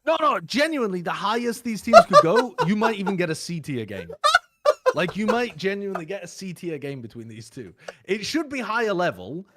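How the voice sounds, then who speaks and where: Lively, high-voiced man chatting esports. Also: a little fast, noisy background. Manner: animated, laughing, swearing, rambling predictions. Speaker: co-host of esports watch party. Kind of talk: casual chat.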